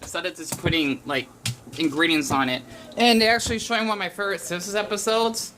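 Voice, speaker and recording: A man from Arizona talking in a casual cooking vlog, rambling and emotional, with frequent restarts and halting phrases. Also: high-pitched, background noise. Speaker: vlogger.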